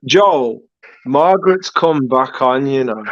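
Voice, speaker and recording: A man's voice: mid-range voice, expressive, slow pace, fairly bright tone, no echo, dull audio. A man hosting a livestream, chatting casually, laughing often and swearing freely. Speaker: livestream host. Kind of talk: casual chat.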